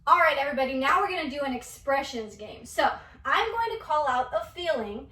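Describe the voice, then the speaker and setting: A young woman dance teacher leading a children's movement class, coaxing and animated as she talks to young kids. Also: high voice, brisk, far from the mic. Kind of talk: kids' movement class demonstration. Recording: echoey room, voice away from mic.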